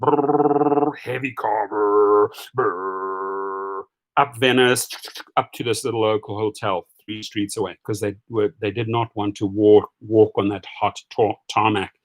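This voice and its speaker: A man hosting a live rideshare stream, ranting and telling stories in a mocking, animated way with casual profanity, speaking straight to his viewers. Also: lowish voice, normal speed. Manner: animated, mocking, swings between shouting and muttering. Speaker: rideshare channel host.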